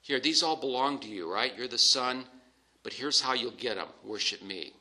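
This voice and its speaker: A man preaching a sermon, teaching scripture in a measured, emphatic way with pauses. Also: mid-range voice, bright, forceful tone, low-quality recording.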